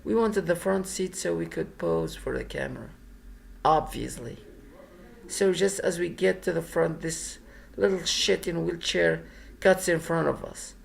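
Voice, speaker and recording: A man's voice: a little high, measured pace, gravelly. A man reading the lines of a blunt young woman with cancer, in a dry, sardonic way.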